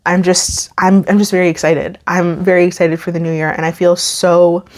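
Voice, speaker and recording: A woman's voice: fairly low pitch, fairly quick, few pauses, darkish tone. Chatty young woman vlogger. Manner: chatty, emphatic, self-interrupting. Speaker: YouTube creator. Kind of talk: casual chat to camera.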